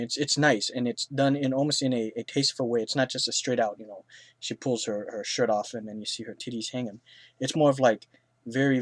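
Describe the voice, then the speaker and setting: A man's voice: medium pitch, no echo. Rambling casual man reviewing films. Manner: rambling, many fillers and restarts, frank and crude. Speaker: film reviewer. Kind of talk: casual spoken film review.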